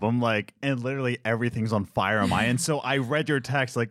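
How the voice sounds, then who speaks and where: A young man co-hosting a podcast, telling animated stories in casual chat and acting out the people he quotes. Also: medium pitch, a little fast, hardly any pauses, dry recording, studio quality. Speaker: podcast co-host.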